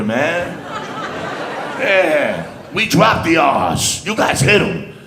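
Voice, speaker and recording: This man's voice is a little high, very animated and extremely slow, with vocal fry. Doing stand-up on a comedy club stage, he's a brash, streetwise New Yorker whose punchy delivery leans on "man." The echoey club rings with loud crowd laughter, and there's slight background noise.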